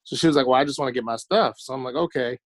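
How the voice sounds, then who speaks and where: This podcast guest from Baltimore races along in a mid-range voice, captured on a dry recording. He tells loose stories in casual conversation, acting out what people said.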